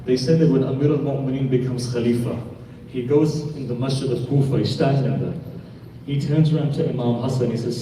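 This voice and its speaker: A man's voice: mid-range voice, dark tone. A man, a cleric, giving a mourning sermon and telling stories, questioning the congregation directly and earnestly. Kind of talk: sermon with storytelling narration. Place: large hall with a congregation. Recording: echoey hall, distant mic, background noise.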